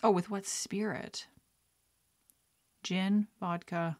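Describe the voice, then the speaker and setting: Chatty excitable woman vlogger. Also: mid-range voice, slow pace. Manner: chatty and excitable, squeals and laughs at right answers; reads questions aloud, mutters guesses to herself. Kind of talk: casual chat, playing a trivia card game.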